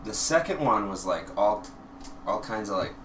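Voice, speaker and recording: A man's voice: on the low side, animated, normal speed, fairly bright tone, echoey room, recorded from a distance, faint music behind. A man co-hosting a casual movie podcast, chatty and laughing, sharing film trivia. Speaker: podcast co-host.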